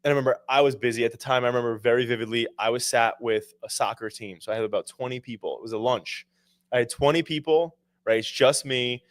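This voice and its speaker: A young man hosts a relaxed chat show in a dry, close-sounding space. His pitch sits in the ordinary middle, and he tells animated stories full of "right?" and casual swearing. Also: quick pace, no echo. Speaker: podcast host.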